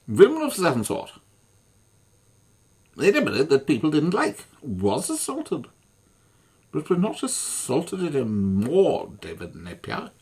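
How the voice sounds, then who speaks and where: Man, angry rant, swearing, slow, husky, gravelly. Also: medium pitch. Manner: furious, swearing, repetitive. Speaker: online commentator. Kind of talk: angry ranting monologue.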